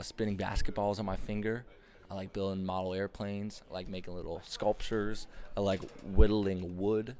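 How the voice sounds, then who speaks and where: Deep-voiced young man ranting, profane. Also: darkish tone. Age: 20s. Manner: profane, rambling, full of fillers. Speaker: podcast host. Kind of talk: casual comedic rant.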